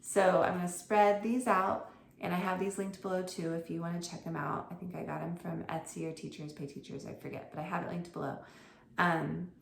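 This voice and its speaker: A woman's voice: fairly low pitch, fairly even intonation, a little fast, vocal fry, slight background noise. A woman homeschool tutor talking through her lesson plans for other teachers in a chatty, informal way. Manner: chatty, informal, with fillers and self-corrections. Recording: roomy echo with faint ambience.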